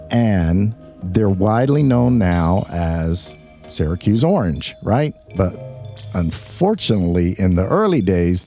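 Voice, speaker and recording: Mellow-voiced man telling history casually. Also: low voice. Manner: chatty, explains history with jokes and asides. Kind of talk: casual storytelling chat.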